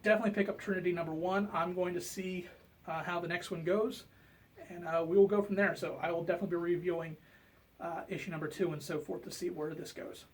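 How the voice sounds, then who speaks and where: A man giving a casual comic book review, relaxed and full of fillers. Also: high voice, fast talker, distant mic. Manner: relaxed, hesitant with many fillers.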